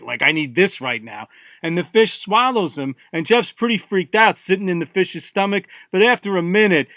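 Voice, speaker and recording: A man reading his own short story aloud in an offhand, deadpan, irreverent way. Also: fairly high pitch, dry recording. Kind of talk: casual first-person story reading.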